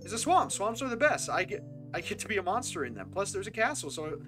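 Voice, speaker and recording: Brief: cheerful dim-witted swamp monster guard in a game, read by a streamer, lively delivery, faint music under it. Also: medium pitch, quick pace, natural voice. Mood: boastful. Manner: cheerful, simple-minded chatter. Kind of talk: reading game dialogue aloud.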